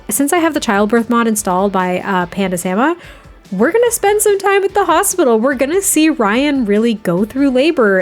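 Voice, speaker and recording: A young woman narrating a life-sim game in a chatty, giggly way, full of little fillers. Her voice sits on the high side, and she keeps a relaxed, friendly flow of commentary. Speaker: gameplay creator. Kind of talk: casual gameplay commentary.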